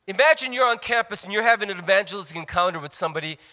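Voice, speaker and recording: A man preaching a sermon in an animated way, with joking asides to the congregation. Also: high voice, racing, big-room sound.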